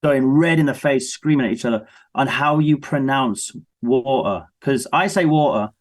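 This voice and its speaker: An English man in his thirties chats as a guest on an interview show, telling animated anecdotes and slipping into his family's voices. His voice sits at an ordinary middle pitch. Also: moderate pace. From England. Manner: lively storyteller, acts out his family's voices. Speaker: guest musician. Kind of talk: casual interview chat.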